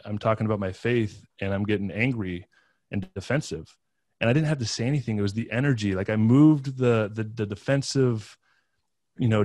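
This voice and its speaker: A man's voice: on the low side, dry recording. Earnest man telling a personal story, dry sound. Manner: earnest, restarts and "you know" fillers. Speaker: podcast guest.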